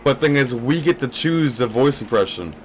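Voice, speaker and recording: A man's voice: medium pitch, expressive, moderate pace, a little hiss or hum. Rambling young male streamer chatting with viewers. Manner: rambling, talks straight to viewers, answers chat questions. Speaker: live streamer. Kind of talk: casual live-stream chat while gaming.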